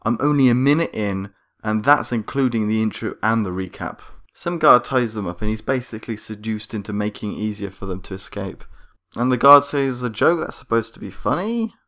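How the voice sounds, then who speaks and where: A man's voice: on the low side, expressive, a little fast, fairly bright tone. A man giving scripted critique commentary on a cartoon episode, sarcastic and exasperated. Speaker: video reviewer.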